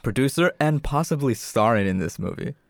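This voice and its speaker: A man co-hosting a casual podcast chat, halting with fillers and restarts, teasing the others. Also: medium pitch, expressive, gravelly, dry recording, studio quality. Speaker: podcast co-host.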